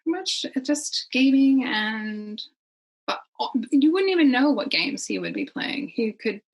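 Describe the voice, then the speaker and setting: A middle-aged woman talks easily as a podcast guest, rambling from one thought to the next and breaking into laughs. Her voice is husky and a little breathy. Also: high voice, expressive, a little slow, rough recording. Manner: chatty, rambling, laughs often. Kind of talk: casual conversation.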